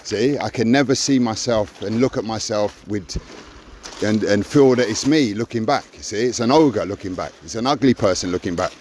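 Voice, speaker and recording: A man's voice: on the low side, normal speed, darkish tone, a little hiss or hum. An older man talking earnestly in a raw personal conversation, stressing points with "you see". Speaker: podcast co-host.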